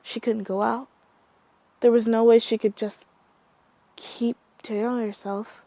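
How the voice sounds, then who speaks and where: A woman reading a horror story aloud in a slow, measured way. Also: on the high side, level tone, dark tone, dry recording. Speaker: narrator.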